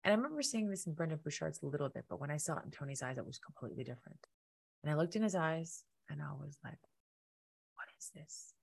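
A middle-aged woman hosting a podcast, telling a personal story in an animated way and acting out the lines of people in it. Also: rapid-fire, gravelly, husky. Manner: animated, acts out quotes with big pitch jumps. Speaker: podcast host.

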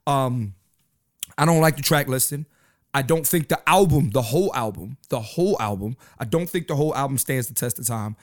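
A man's voice: mid-range voice, normal speed. A man hosting a solo podcast, talking loosely in slang and often repeating his phrases. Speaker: podcast host. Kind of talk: casual solo podcast chat.

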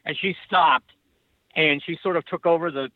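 An older man, a political writer, tells stories as a guest in a casual interview, wry in tone and frequently restarting his sentences. His voice is fairly high and his speed normal. The remote line sounds dull and lo-fi.

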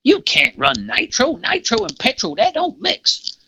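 Man doing a squeaky gruff old-timer. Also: sing-song, a little slow, noisy background, heavily acted. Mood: scoffing. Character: gruff older male model-flying rival.

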